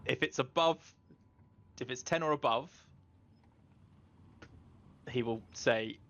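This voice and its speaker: A man's voice: mid-range voice, slow pace, pauses often, a bit bright, highs cut off. A man playing in a tabletop role-playing game, talking hesitantly with many fillers and self-corrections as he runs two characters. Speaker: player. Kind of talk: casual tabletop game chat.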